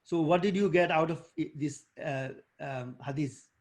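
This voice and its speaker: A man teaching an online debate workshop over a video call. He coaches and quizzes students by name, and he often pauses and searches for words with fillers. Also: on the high side, darkish tone.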